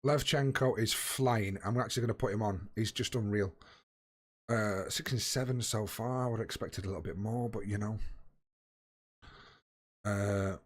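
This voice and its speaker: A man's voice: lowish voice, moderate pace, pauses often. A young man chatting casually with viewers during a live game stream, greeting them by name and swearing freely. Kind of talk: casual live-stream chat while playing.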